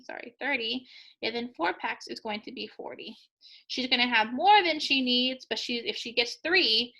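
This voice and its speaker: A woman's voice: fairly high pitch, vocal fry, bright, forceful tone, poor audio. A woman teacher talking students through a math review, chatty and encouraging, joking with the class as she counts out answers.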